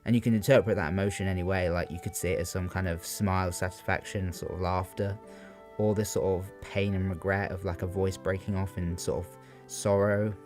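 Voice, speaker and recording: A young man with a very low, deep voice talks through his revision notes off the cuff. He hesitates often and leans on fillers as he goes. Faint guitar music plays behind him. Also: fairly even intonation, fairly quick, a little mellow. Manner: hesitant, many ums and "sort of" fillers. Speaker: student giving revision analysis. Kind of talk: unscripted spoken revision talk.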